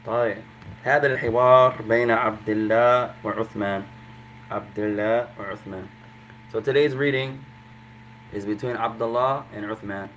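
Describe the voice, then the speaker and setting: A male Arabic teacher leading a class, switching between Arabic and English and repeating new words slowly for his students to copy. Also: fairly low pitch, fairly even intonation, fairly bright tone, a little hiss or hum, poor audio. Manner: drills new words by slow repetition; mixes Arabic and English, addresses students as brothers. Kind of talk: language class instruction.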